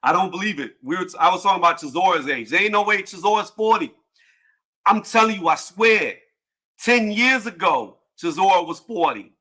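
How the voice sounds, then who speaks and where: A man hosting a casual boxing livestream panel, joking loudly and cursing, with frequent laughs and trash talk. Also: sits high, animated, a little fast.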